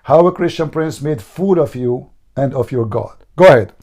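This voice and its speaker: A hoarse man hosting a heated online debate, pressing his questions again and again in a mocking, insistent way. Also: mid-range voice, normal speed, dark tone. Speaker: debate host.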